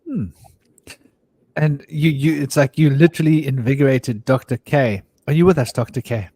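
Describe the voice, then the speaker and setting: A man's voice: mid-range voice, fairly even intonation, fairly quick, dark tone, no echo. A man hosting a panel discussion, chatty, talking while he eats. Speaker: host.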